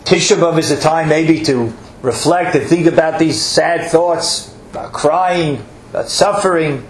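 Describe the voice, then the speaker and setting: A man's voice: fairly high pitch, a little hiss or hum. Man preaching in an echoey room. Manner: earnest, drawn-out emphasis with Hebrew terms. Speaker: rabbi. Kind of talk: sermon. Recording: echoey room with faint ambience.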